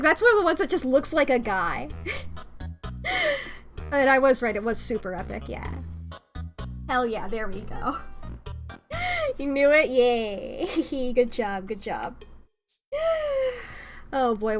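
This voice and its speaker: A woman's voice: high-pitched, a bit bright. A young adult woman streamer chatting casually to her viewers, rambling, swearing freely and laughing often.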